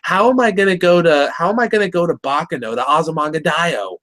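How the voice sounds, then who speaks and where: A man voicing a mischievous male chaos spirit, whining excitedly in a casual chat. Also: fairly high pitch, fast talker, voice pushed up, natural voice.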